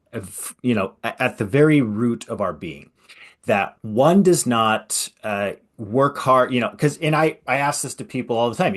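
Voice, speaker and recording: A man hosting a conversational podcast interview, talking in a sarcastic way and firing pointed rhetorical questions. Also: lowish voice. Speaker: podcast host.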